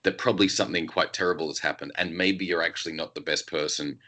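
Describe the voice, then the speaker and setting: A man's voice: sits low, fairly even intonation, fast talker, pushed and bright. An author talking in a casual interview, rambling and peppering his talk with fillers. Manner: rambling, full of "you know" fillers.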